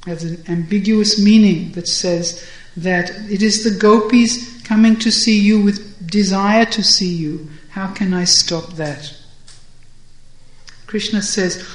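Slow, deliberate devotional storyteller. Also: medium pitch, fairly even intonation. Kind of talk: devotional story reading with commentary. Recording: roomy echo.

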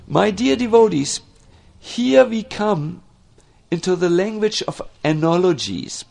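Slow, gravelly man giving a devotional talk. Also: high-pitched. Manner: slow, animated storytelling with many fillers and restarts. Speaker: spiritual teacher. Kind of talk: devotional lecture.

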